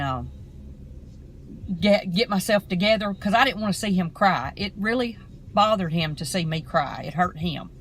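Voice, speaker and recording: A woman's voice: lowish voice, a little hiss or hum, rough recording. Woman vlogging from her car. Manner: earnest, rambling, halting storytelling. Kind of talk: casual talk to camera.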